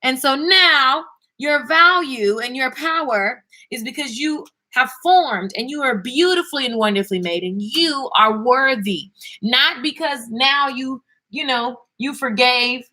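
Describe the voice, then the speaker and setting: Animated high-voiced woman giving a pep talk. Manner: animated and preachy, quick asides and laughs. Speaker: vlogger and singer. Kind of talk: casual inspirational talk to viewers.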